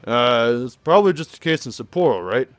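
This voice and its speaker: Lively casual man commenting on a game. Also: mid-range voice, a little fast, no echo, soft background music. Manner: chatty, loose, laughs often, summarizes game dialogue. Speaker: let's play commentator.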